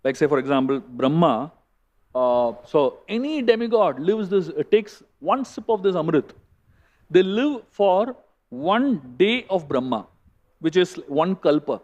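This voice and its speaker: A man giving a scripture class, reciting Sanskrit verses slowly and explaining each one in English, asking his listeners rhetorical questions. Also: fairly high pitch, darkish tone, dull audio. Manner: asks the audience rhetorical questions. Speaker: Bhagavatam class speaker. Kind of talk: scripture lecture. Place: temple hall.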